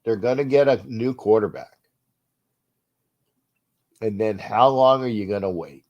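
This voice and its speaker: A man hosting a sports fan talk show with a stuffed-up nose, rambling and restarting, his level swinging from low mutters to loud bursts. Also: a little slow, dull audio. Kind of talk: uncensored fan rant show.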